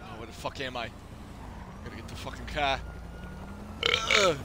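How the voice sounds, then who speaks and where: A man's voice: medium pitch, normal speed. A man streaming a game live, drunk, trash-talking with lots of swearing. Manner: profane, excitable trash talk. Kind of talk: casual live gaming chat. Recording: noisy game audio behind.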